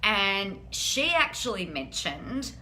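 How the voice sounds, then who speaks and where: Bright, upbeat woman hosting a live stream. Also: medium pitch, sing-song, slow. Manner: upbeat and encouraging, chatty with frequent "like". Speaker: host of a weekly live business show. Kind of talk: casual live-stream chat.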